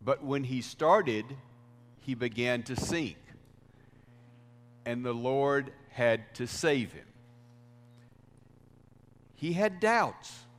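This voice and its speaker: A man preaching a sermon as pastor, deliberate, with swells of emphasis. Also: medium pitch, lively intonation. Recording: reverberant hall sound.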